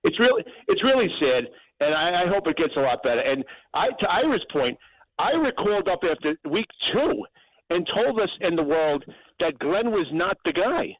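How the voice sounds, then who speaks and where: A man's voice: high voice, sing-song, moderate pace. A middle-aged man calling in to a sports radio show, rambling and repeating words as he restarts his sentences. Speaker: caller. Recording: tinny phone line.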